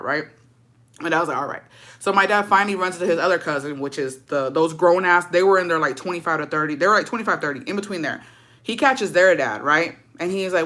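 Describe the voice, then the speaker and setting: Young woman vlogger, bright tense tone, brash casual storytelling. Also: lowish voice, fast. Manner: brash, profane, chatty.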